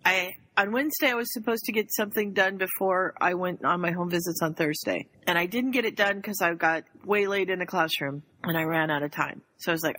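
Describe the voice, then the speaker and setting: Lively woman telling a story. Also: lowish voice, fairly quick, hardly any pauses. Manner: animated storyteller, laughs often. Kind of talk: casual chat.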